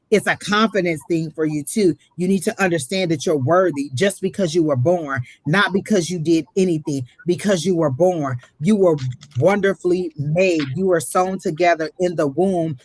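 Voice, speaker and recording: A woman's voice: fairly low pitch, normal speed. A woman giving a live psychic reading, preaching emphatically and calling the listener honey, emotional and close to tears. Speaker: psychic reader.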